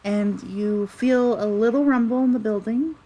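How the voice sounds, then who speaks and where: A woman with a fairly high, mellow voice runs a tabletop game as game master, speaking at normal speed. Her narration is chatty and rambling, with lots of fillers and self-corrections, and the recording is rough.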